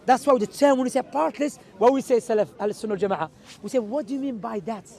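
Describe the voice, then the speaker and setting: A man's voice: extremely high pitch, fast talker, creaky, a little mellow. A man preaching on theology outdoors in a city, emphatic and full of rhetorical questions. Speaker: Islamic preacher. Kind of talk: outdoor street talk on theology.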